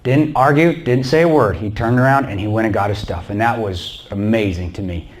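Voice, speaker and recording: A man with a lowish voice telling a story to a church audience. He talks in a lively, animated way, jumping into the voices of the people in his story and breaking into laughter now and then. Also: a little fast. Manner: animated, acts out quoted dialogue, laughs often. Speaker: guest speaker.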